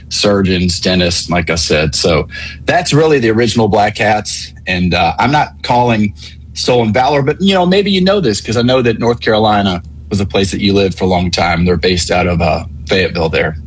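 A male caller explaining his points in a measured, polite way on a call-in radio show. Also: on the low side, husky, rough recording.

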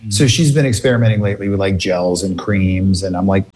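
A middle-aged man casually telling a long, rambling, animated anecdote, laughing now and then. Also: deep voice, brisk, hardly any pauses. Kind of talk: casual chat.

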